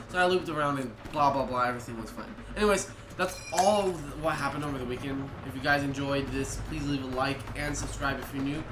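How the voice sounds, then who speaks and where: A young man telling a rambling storytime vlog and acting out people's lines in quick bursts. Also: fairly high pitch. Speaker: vlogger. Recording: echoey room, noisy ambience.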